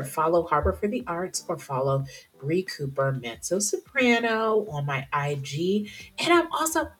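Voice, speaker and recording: Low-voiced lady podcaster, candid and chatty, faint music behind her. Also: breathy edge. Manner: candid, emotional, chatty with self-interruptions. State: teary at times. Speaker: podcast host. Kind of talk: personal podcast monologue.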